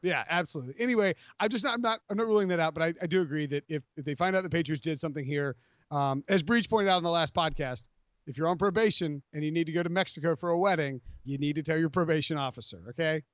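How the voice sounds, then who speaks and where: A man hosting a podcast, his voice sitting a bit high as he rambles in animated, jokey bursts full of restarts and fillers. The sound is dry and a touch dull, like plain podcast audio. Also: fast, no echo. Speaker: podcast host. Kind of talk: casual sports podcast chat.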